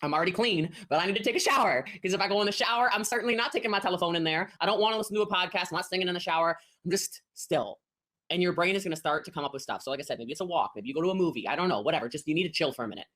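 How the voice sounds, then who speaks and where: A woman's voice: lowish voice, racing, a bit bright. A woman coaching direct sellers on a live call, talking emphatically and acting out quoted voices. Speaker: network marketing coach.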